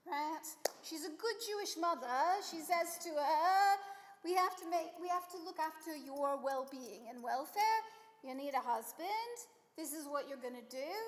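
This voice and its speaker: A high-voiced woman leads a text study, lively and animated, throwing herself into the quotes. Her voice carries with a long reverb, as in a large hall. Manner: animated, acts out quotes with sudden pitch jumps. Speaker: rabbi teaching a study session. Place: synagogue hall.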